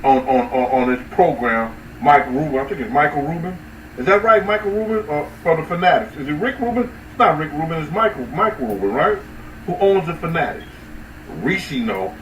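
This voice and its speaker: A man's voice: fairly bright tone, recorded from a distance. Roomy off-mic man chatting on a livestream. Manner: loose, profane, rambling commentary with sudden high-pitched outbursts. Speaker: livestream host talking to chat. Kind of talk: casual unscripted livestream chat. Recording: roomy echo, off-mic, faint ambient noise.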